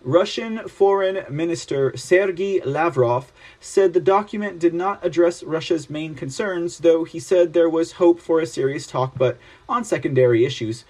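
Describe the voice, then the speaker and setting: A man's voice: a little high, normal speed, hardly any pauses, a little mellow. Emphatic man, sarcastic news host. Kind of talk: reading news with commentary.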